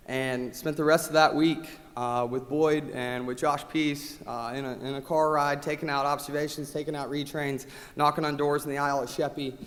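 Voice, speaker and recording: A man giving a motivational award speech at a company rally, his delivery swinging from loud rallying calls to quiet thanks. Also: on the high side, fairly even intonation, a little fast. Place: large event hall. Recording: long hall reverb.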